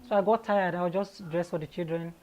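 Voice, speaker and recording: A Nigerian woman, an interview guest, telling her own story in a candid, lively way and laughing often. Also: lowish voice, fast talker, slight background noise, rough recording.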